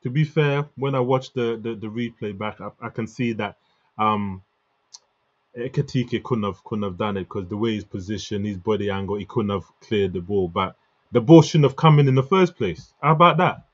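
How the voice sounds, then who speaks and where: A man's voice: fairly low pitch, moderate pace, highs cut off. A man hosting a fan channel, venting in an emotional post-match rant full of slang. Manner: venting, slangy, restless, repeats himself. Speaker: football fan channel host.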